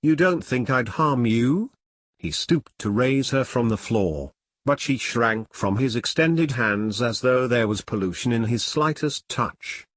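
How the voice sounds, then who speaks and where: A male narrator reads an old melodrama aloud in a steady, measured voice. His pitch sits in the middle, and the sound is close and dry with no room echo. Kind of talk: dramatic audiobook reading of an old novel.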